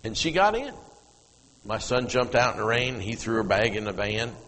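A middle-aged man preaching a sermon as pastor, telling a story and moving from hushed asides to loud, emphatic peaks. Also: medium pitch, big pitch swings, normal speed. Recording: long reverb of a church hall.

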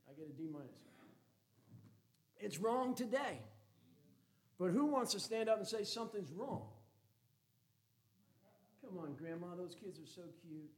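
A man's voice: high voice, animated, a little slow, pauses often, darkish tone. A man preaching a sermon as a Baptist pastor, folksy and joking, then emphatic.

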